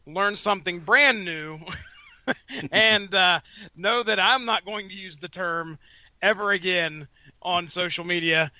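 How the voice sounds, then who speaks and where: High, bright-voiced man telling a story. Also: no echo. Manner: halting, restarting storyteller. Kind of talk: casual podcast banter.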